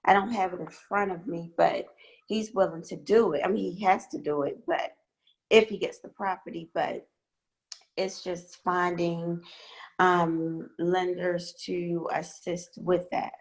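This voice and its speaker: A woman's voice: fairly low pitch, steady tone, measured pace, poor audio. A woman with a morning voice asking for advice on a training call, hesitant and rambling with many fillers. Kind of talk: casual online training call. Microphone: video call.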